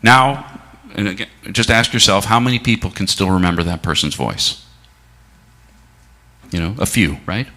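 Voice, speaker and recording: A middle-aged man with a deep voice and sharp tone gives a sermon at a church service. He's reflective and unhurried, asking the congregation many rhetorical questions and slowing down for emphasis.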